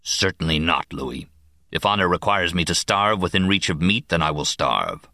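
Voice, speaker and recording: A proud alien warrior cat from a science fiction audiobook, formal and dignified even when hungry, as a man reads him. The voice sits very deep and carries a lively rise and fall. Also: normal speed, no room sound, clean studio sound, full character voice. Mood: solemn.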